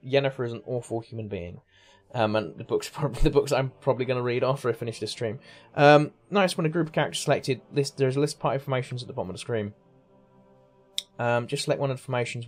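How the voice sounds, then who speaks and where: A chatty man streams a game and rambles through casual commentary, often circling back and correcting himself. His pitch is middle for a man. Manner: chatty, rambling, self-interrupting. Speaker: gaming streamer. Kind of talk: casual let's-play commentary.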